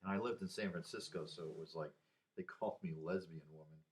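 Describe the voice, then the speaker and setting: A man in his sixties talking through personal memories in a rambling, halting way, with sighs and restarts. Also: low voice. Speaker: vlogger. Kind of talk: casual personal monologue.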